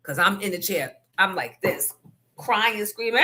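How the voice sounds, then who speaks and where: A woman with a medium-pitched, sharp voice talks briskly and animatedly as she hosts a casual podcast. She tells frank stories full of profanity, pausing for asides to her audience.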